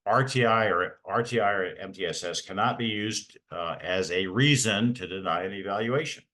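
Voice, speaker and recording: A man's voice: low voice, moderate pace, pushed and bright. A middle-aged man, giving a training talk for parents and repeating key points with emphasis. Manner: emphatic, repeats key points, frequent "okay?" check-ins. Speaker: parent advocate presenter. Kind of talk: training presentation.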